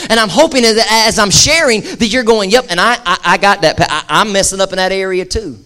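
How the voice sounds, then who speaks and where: A male pastor preaching a lively sermon, mixing jokes and acted-out asides with shifting pace. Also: high-pitched, fairly quick, hardly any pauses.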